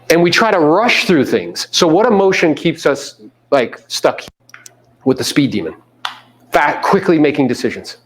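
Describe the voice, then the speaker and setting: A man's voice: a little high, very animated, normal speed. A man giving a live motivational seminar to a room of agents, quizzing the audience and mimicking people in playful voices. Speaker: real estate coach speaking to agents.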